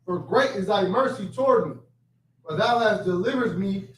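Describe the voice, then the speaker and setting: A man reading a scripture passage aloud slowly and carefully for a study group. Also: high voice, fairly bright tone. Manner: slow, careful reading with small restarts. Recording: distant echoey room.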